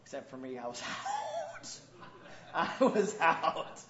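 A man's voice: fairly high pitch, wildly swooping pitch, takes it slowly, a bit bright. A man preaching a sermon as a pastor, joking and acting out little scenes with quoted voices. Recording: roomy, dull lo-fi sound.

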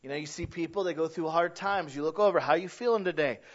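A man preaching a conversational sermon, earnest and emphatic at times, hushed at others. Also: on the high side, quick pace, lo-fi sound.

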